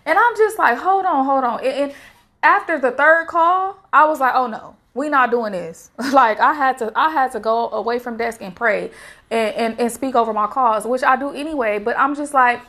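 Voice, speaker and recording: A woman's voice: sits high, normal speed, a bit bright. A woman giving a casual devotional talk, earnest and exhorting like a preacher. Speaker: faith vlogger sharing a devotional message.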